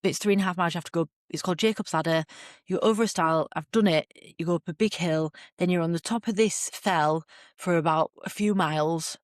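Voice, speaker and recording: A woman's voice: on the low side, fast, no echo, clean studio sound. A woman hosting a podcast, frankly recounting a personal story in a chatty way and acting out her own reactions. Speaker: podcast host. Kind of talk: candid storytelling monologue.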